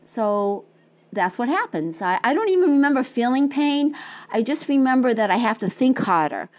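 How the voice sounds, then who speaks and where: Lively woman. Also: a little high, normal speed. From Quincy, Massachusetts. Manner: acts out dialogue, laughs often. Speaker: interview guest, marathon runner. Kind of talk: animated storytelling.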